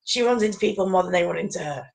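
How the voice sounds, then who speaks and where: Very gravelly woman telling stories. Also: on the low side, very fast, low-quality recording. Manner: animated, rambling, laughs often. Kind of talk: casual chat, anecdote storytelling.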